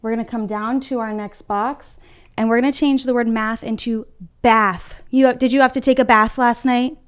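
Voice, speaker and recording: Clear-voiced woman teaching phonics. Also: on the high side, steady tone. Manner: encouraging, sounds out letters slowly and clearly. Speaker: kindergarten reading teacher. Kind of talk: livestreamed phonics lesson. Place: home room at a whiteboard.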